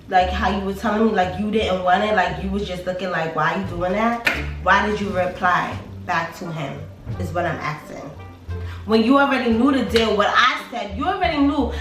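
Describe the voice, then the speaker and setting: A woman's voice: medium pitch, far from the mic. Chatty woman telling a story in an echoey room. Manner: chatty, animated retelling with quoted dialogue and fillers. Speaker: storytime vlogger. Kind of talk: casual storytime vlog. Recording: echoey room, voice a bit off-mic, faint music.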